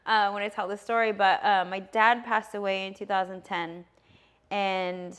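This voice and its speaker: A woman's voice: medium pitch, flat delivery, normal speed, a bit bright, clear, resonant tone. Woman, 30s, podcast guest; rambling storyteller, lots of fillers, mid-range voice. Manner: rambling storyteller, heavy on fillers, often laughing. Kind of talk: casual podcast chat.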